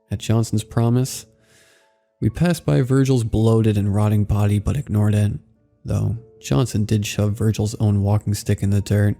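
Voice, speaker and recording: A man reading a first-person horror story in a steady, somber narration. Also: fairly low pitch, vocal fry.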